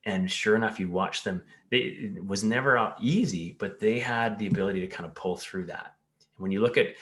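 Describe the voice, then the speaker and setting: A man with a lowish voice talks through his health advice in an interview. He is earnest and explanatory, and he sometimes slips into the voices of the patients he describes. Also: a little fast, a bit bright. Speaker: pharmacist and health coach. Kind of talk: interview conversation.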